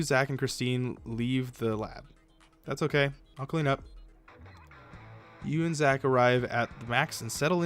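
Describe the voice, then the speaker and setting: Brief: male let's-play host reading a story game aloud, casual, average pitch, faint music behind. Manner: casual, with self-corrections.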